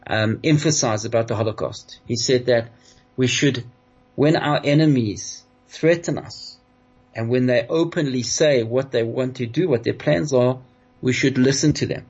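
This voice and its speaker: A middle-aged man giving a sermon as a rabbi, heartfelt and halting, often restarting, with Hebrew religious terms worked into his speech. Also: medium pitch, a little mellow, slightly rough. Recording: dull lo-fi recording.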